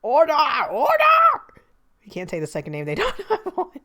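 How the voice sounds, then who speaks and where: A woman's voice: lowish voice, wildly swooping pitch, fast. A woman streaming a game, chatting casually, giggly and self-deprecating. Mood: amused. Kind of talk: casual let's-play commentary. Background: faint game music.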